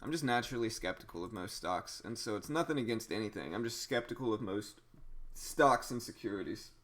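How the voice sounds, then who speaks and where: A man's voice: on the low side, brisk. Chatty man hosting a trading stream. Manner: relaxed, chatty, with frequent restarts and fillers. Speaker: day-trading livestream host. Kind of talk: casual live-stream chat.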